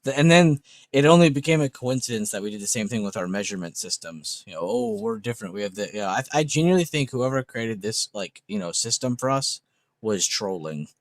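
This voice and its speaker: A man with a lowish voice chats casually on a livestream from a home setup. He jokes loosely, swears now and then and laughs at his own jokes. The sound is dry and close to the mic. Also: animated, a little fast, dry recording. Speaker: livestream host. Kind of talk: casual livestream chat reading viewer comments.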